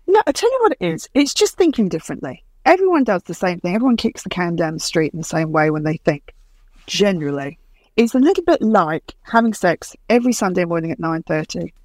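A woman's voice: on the low side, very animated, brisk, darkish tone, no echo. A woman in her fifties, a television producer and speaker, talking in an interview, emphatic and storytelling, acting out quoted dialogue. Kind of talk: conversational interview.

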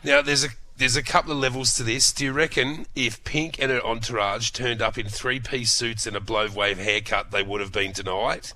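A man's voice: mid-range voice, fairly even intonation, normal speed, few pauses, pushed and bright. An Australian man co-hosting a talk radio show, chatting casually and asking questions. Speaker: radio co-host.

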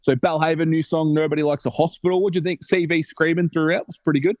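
A man's voice: a little high, little pitch movement, fast talker, no room sound, muffled recording. A young Australian man co-hosting a casual music podcast, chatty and teasing, running through band release news. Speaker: podcast co-host.

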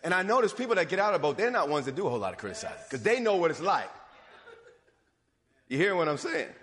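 A man preaches in a church sanctuary, his pitch a touch high and his delivery swinging widely from hushed asides to near-shouts. A long reverb trails each phrase, as in a large church. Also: fast. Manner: animated preaching, rising to near-shouts and dropping low. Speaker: pastor. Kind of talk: sermon.

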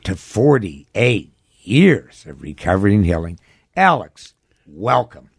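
A man's voice: fairly low pitch, very animated, slow, husky, dry recording, clean studio sound. A man hosting a faith-based podcast, introducing and questioning his guest with an enthusiastic, sing-song manner. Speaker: host.

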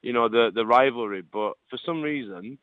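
A man's voice: mid-range voice, normal speed, clear, resonant tone, dry recording. A forty-year-old man from Lancashire with a Lancashire accent, a radio guest chatting in a jokey, restarting way. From Lancashire, England. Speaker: phone guest. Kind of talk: casual chat. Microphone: phone line. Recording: tinny phone line.

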